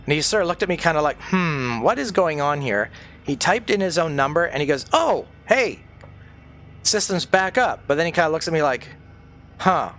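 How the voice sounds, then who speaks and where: A man's voice: a little high, expressive, a little fast, a bit bright. Rambling man spinning a story. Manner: rambling, conspiratorial storyteller who swears freely. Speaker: streamer. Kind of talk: casual livestream storytelling while gaming.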